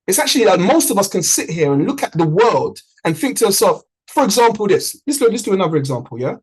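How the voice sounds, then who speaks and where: A man coaching his trading community on a video call, talking in a punchy, motivational way. His voice is husky and slightly rough. His pitch leaps around animatedly as he drives each point home. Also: fast, poor audio. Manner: animated, punchy, repeats for emphasis.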